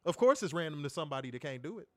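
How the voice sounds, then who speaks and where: A man in a raised register hosting a podcast, his pitch swinging widely as he rants and teases with plenty of profanity. He sits close to the mic, so the sound is dry and close. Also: very fast, dry recording. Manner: animated, profane, teasing ranting. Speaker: co-host of a wrestling review show. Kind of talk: casual podcast chat.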